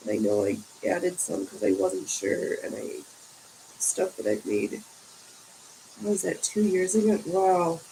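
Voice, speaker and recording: Sleepy woman host, slow rambling livestream chat, gravelly low-key voice, mellow tone, faint hiss. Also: rough recording. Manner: rambling and chatty, coos at her cats. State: tired and yawning. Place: home.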